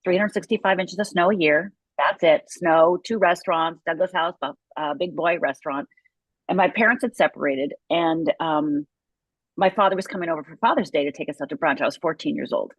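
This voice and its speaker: A woman's voice: fairly low pitch, fairly quick, breathy edge, dry recording, low-quality recording. A middle-aged woman from Upper Michigan, a guest telling her life story with intense, vivid storytelling. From Upper Michigan, USA. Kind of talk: personal story in an interview.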